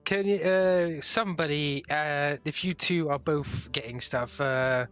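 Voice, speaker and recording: Male game master, loose and chatty, higher-pitched. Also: measured pace, fairly bright tone, smooth. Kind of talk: narrating a tabletop game.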